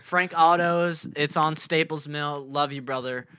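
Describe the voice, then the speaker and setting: Young man, podcast co-host, bright tense voice, fairly high, dry close sound, rambling swear-filled storytelling. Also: fairly even intonation, measured pace, clean tone, no room sound. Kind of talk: casual storytelling chat.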